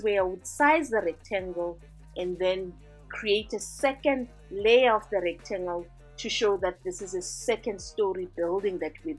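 A woman hosting a design tutorial, narrating a screen-recording voice-over in an upbeat, chatty way as she walks through each step. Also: medium pitch.

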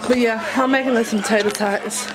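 A woman's voice: on the high side, fairly even intonation, fairly quick, heavy background noise. A woman in her twenties, chatting casually to her viewers in a loose vlog style. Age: 20s. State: out of breath at times. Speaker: vlogger.

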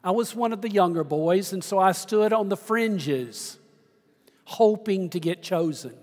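Slow, high-voiced preacher. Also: male voice, lively intonation, darkish tone. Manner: slow, storytelling preacher with dramatic pauses. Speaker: pastor. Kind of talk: sermon. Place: large church sanctuary. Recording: long church reverb.

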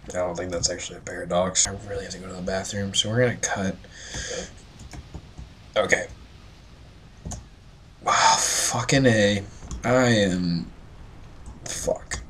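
Drunk male gamer, lowish voice, profane, rambling play-by-play, jokey. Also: fairly even intonation, unhurried, long pauses, a bit bright, a little hiss or hum. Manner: profane, rambling, joking asides. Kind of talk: casual gameplay commentary.

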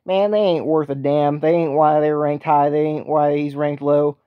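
A man's voice: on the high side, steady tone, normal speed, dry recording, dull audio, lightly acted. A man voicing a crude, belligerent co-host who speaks with a put-on accent. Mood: brash, crude. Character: brash foul-mouthed male co-host with a put-on accent.

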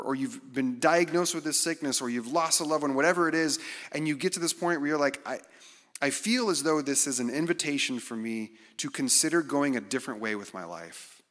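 A middle-aged man giving a conversational, animated sermon as guest speaker, acting out quotes with self-deprecating humor. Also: a little high. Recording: reverberant hall.

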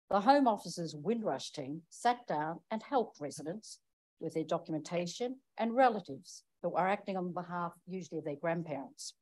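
A woman councillor giving a prepared, measured and earnest speech in a council chamber. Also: on the low side, a little mellow, rough recording.

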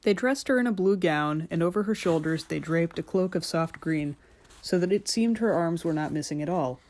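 A woman narrating a fairy-tale audiobook in a measured, gentle storytelling manner. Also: on the low side.

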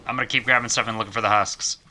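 Brief: male streamer, sharp bright tone, crude sarcastic humor. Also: lowish voice, fairly even intonation, racing. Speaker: streamer playing a co-op shooter. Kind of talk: casual gaming chat.

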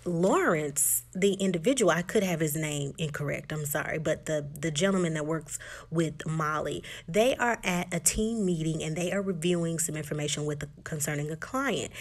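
This is a woman with a slightly low voice giving a casual, chatty recap of a TV episode. She leans on fillers like "like" and "just" as she retells the story. She slips in and out of characters' lines with quick pitch jumps. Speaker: TV recap vlogger.

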